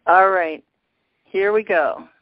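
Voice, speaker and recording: Speaking slowly in a lowish voice with no room sound, the host of a spiritual teleconference call-in show guides her listeners. She is effusive, full of laughs and exclamations, and the call recording is dull and lo-fi.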